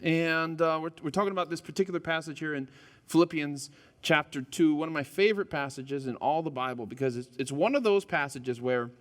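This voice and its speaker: A man's voice: a little high, a little fast, fairly bright tone. A man preaching as a pastor to a church congregation, casual and joking, with frequent stumbles and restarts. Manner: chatty and self-deprecating, stumbles and restarts. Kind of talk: casual, joking sermon opening. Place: church sanctuary. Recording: long hall reverb in a church.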